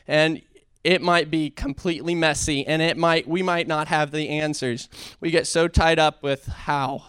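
Guy giving a heartfelt church testimony, smooth clear voice, dry close sound, lots of ums, gets fired up. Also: fairly high pitch, steady tone, fairly bright tone, no room sound. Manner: earnest, halting, with many fillers and restarts; builds to impassioned preaching. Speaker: church speaker sharing a testimony.

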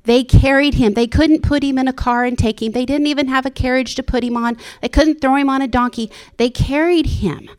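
Woman preaching a sermon, gets really fired up and goes high, whispers the inner-thought bits. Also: brisk, few pauses. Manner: impassioned, rising to high excited exclamations.

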